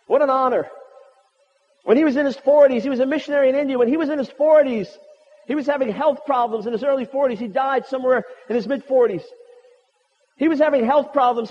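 A very high-pitched man delivers an impassioned sermon, building his points through rhythmic repetition. His voice rings with long reverb through a large hall. The audio is muffled and dull. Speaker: preacher.

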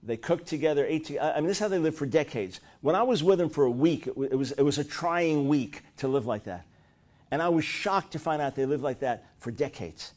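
A middle-aged man preaching a sermon, telling stories in an animated way, with loud high bursts when he acts out what people said. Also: brisk. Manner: animated storytelling, rising to loud high-pitched bursts when acting out quotes.

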